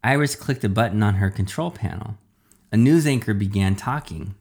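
A man's voice: fairly low pitch, normal speed, creaky, darkish tone. A man reading a first-person children's story aloud.

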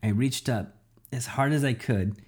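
A man narrating a children's story in an animated, dramatic way. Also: medium pitch, unhurried, slightly rough.

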